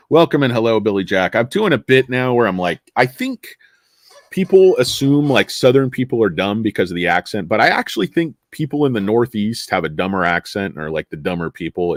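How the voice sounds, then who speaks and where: Tired and over-caffeinated, a middle-aged man hosts a casual livestream, rambling, joking with the chat, and greeting chatters. His voice is lowish, with no echo.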